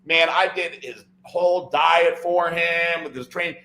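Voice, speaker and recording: A man's voice: on the high side, fairly even intonation, measured pace, pushed and bright, slight background noise, low-quality recording. A man, a podcast guest, telling a long personal story in casual chat, often tagging "right?" and "like". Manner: rambling, fills talk with "like" and "right?".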